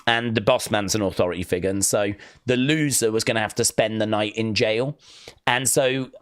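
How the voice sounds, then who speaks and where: He speaks at a moderate pace in a lowish voice, captured as clean studio sound without echo. The man runs a wrestling live stream where he rambles casually over fond memories, dropping plenty of fillers and acting out quotes.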